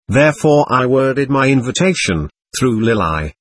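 A man's voice: medium pitch, expressive, moderate pace, fairly bright tone, slightly rough, dry recording. A man narrating an audiobook in an earnest storytelling manner, reading the dialogue aloud as well.

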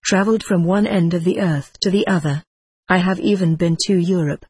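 A brusque, evasive ghost of a stock seller who does not know he has died, read by a woman. The voice sits a little low and husky, with a dry, close sound. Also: moderate pace, darkish tone, dry recording. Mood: guarded. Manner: guarded, brusque. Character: evasive male spirit of a dead stock seller.

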